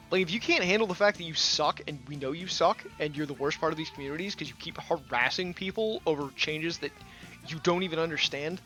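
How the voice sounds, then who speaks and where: A man's voice: a little high, expressive, a little fast, bright, forceful tone, soft background music. A man ranting angrily in a gaming commentary video, blunt and full of profanity.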